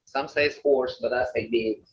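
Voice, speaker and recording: A language teacher giving a slow, repetitive pronunciation lesson over a video call, often checking in with "okay?". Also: medium pitch, fairly even intonation, slight background noise. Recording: roomy, muffled video-call audio.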